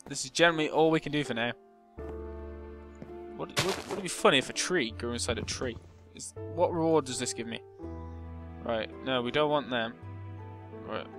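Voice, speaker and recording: A man's voice: mid-range voice, vocal fry. A young man talking through a game he is playing, chatty and self-mocking, humming and muttering to himself as he goes. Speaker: gaming YouTuber. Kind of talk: casual gameplay commentary. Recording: music playing behind.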